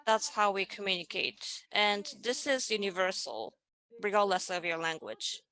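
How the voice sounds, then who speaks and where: A woman's voice: mid-range voice, lively intonation, normal speed, sharp tone. A woman giving an online presentation in a panel dialogue, explaining ideas step by step and guiding listeners through simple exercises over a video call.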